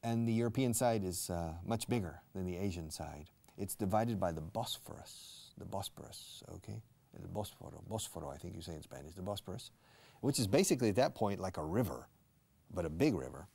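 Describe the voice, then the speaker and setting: A man teaching English to Spanish speakers in a relaxed lesson, talking slowly, repeating words and asking the learners questions. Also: low voice, creaky, slightly rough. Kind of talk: casual language lesson.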